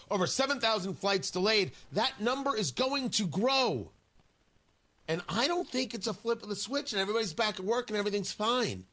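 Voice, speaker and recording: High, lively, bright-voiced combative radio host. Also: male voice. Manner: combative and emphatic, with hammering repetition. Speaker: radio talk show host. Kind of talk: opinionated talk radio monologue.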